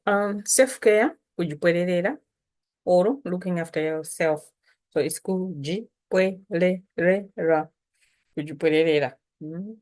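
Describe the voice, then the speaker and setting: Low-voiced woman teaching casually. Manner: relaxed, chatty, slow after lunch. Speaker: language teacher. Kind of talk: casual language lesson.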